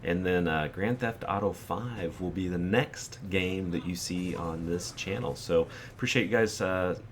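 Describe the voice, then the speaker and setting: A man's voice: sits low, measured pace, a little hiss or hum. A man in his forties hosting a gaming channel, telling a rambling personal anecdote over gameplay and acting out the quotes.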